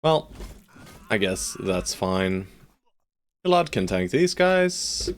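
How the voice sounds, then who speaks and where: A man streaming live gameplay, joking and talking to his units with loud jumps on exclamations. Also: on the low side, sing-song, slow pace. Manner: playful, jokey, talks to his units.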